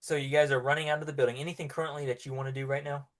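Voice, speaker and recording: A man's voice: medium pitch, level tone, rapid-fire. Easygoing man running a tabletop game. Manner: casual, laughs often, filler-heavy. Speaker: game master.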